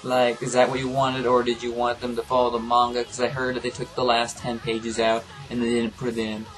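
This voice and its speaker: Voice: mid-range voice, completely flat delivery, brisk. An anime reviewer ranting casually in a rambling, profane, exasperated way.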